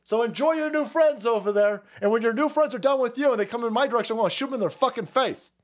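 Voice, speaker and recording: A man's voice: extremely high pitch, fast. A man ranting on a livestream, profane and heated, with frequent stammering restarts. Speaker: streamer. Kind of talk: livestream rant.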